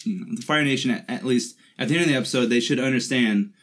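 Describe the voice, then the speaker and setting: A man's voice: medium pitch, fast talker. A man co-hosting a podcast, chatting casually about a cartoon episode, laughing often and acting out quotes. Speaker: podcast co-host. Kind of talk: casual chat.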